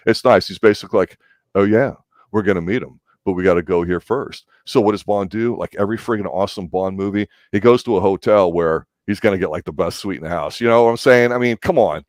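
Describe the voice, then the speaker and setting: A man chatting casually as a movie review host, rambling and excitable, with casual swearing. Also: lowish voice, fast, dry recording, studio quality.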